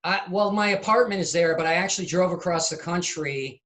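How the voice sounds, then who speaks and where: A middle-aged man being interviewed over a video call, telling stories in an animated way, acting out scenes and laughing at his own anecdotes. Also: sits high, a little fast. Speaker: guest, comedy video maker. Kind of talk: casual interview.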